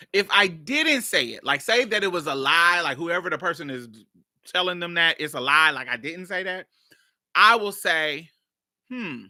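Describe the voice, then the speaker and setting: A woman podcast host telling a personal story in a blunt, profane, animated way. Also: on the low side, normal speed, no room sound, clean studio sound. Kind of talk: casual storytelling.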